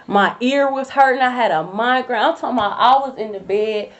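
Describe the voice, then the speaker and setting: A woman who reads tarot, telling a story to her viewers in a blunt, profane, animated way, addressing them as y'all. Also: fairly high pitch, a little fast. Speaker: tarot reader. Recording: dull lo-fi recording.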